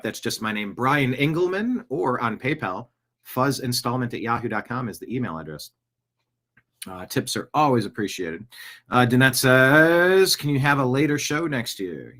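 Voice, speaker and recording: Sharp in tone and mid-range in pitch, a male host chats through a casual news podcast in a rambling way. He keeps joking on the side, restarting lines, and putting on silly voices.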